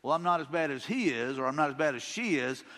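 Southern pastor, folksy and high-voiced. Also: male voice, lively intonation, quick pace, sharp tone, long reverb tail. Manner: conversational, folksy, repeats himself, paraphrases scripture casually. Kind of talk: sermon. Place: church sanctuary.

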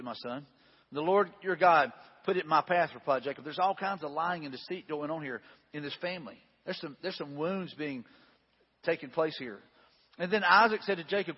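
A man's voice: a little high, breathy edge. A man preaching a sermon, reading a scripture story aloud and adding folksy, conversational asides with frequent restarts. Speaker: pastor. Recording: dull sound with long hall reverb.

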